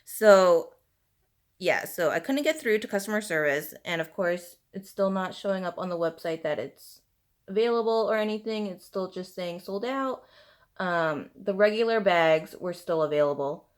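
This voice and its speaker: A woman's voice: fairly low pitch, moderate pace. A woman in her thirties ranting casually about a shopping letdown while applying makeup, talking in a loose stream full of fillers. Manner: animated venting, heavy use of fillers like "you know" and "like". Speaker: beauty vlogger. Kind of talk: casual ranting get-ready-with-me chat.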